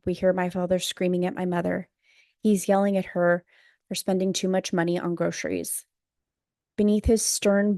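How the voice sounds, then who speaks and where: A woman narrating a memoir audiobook in a measured, subdued, even voice into a close studio mic. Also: fairly low pitch, dry recording.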